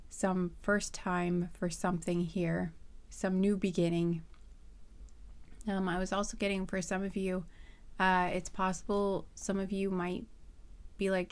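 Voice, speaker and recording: A young adult woman giving a casual tarot reading, rambling with many fillers and soft laughs. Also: fairly low pitch. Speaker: tarot reader.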